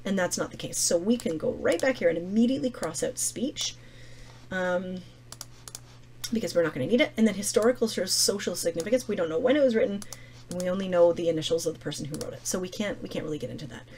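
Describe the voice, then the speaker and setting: A woman's voice: on the low side, quick pace, darkish tone, slight background noise. A woman teaching essay writing who thinks aloud, corrects herself and mutters words under her breath while she works.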